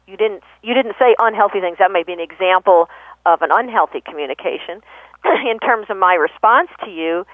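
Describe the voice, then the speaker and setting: A woman guest explaining communication in a thoughtful, conversational way, pausing often with fillers and self-corrections. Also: medium pitch, no room sound. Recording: tinny phone-line radio audio.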